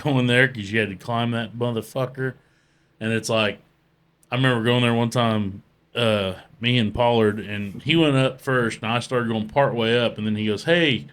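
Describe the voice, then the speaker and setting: A man's voice: medium pitch, moderate pace, fairly bright tone. A man hosting a casual podcast chat, telling rambling, profane work stories among friends. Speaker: podcast host.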